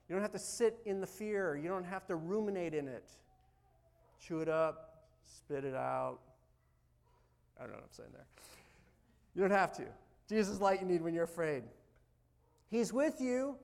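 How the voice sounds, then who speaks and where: A man preaching a sermon as pastor, animated, swinging from loud urging to soft, quiet asides. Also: sits high.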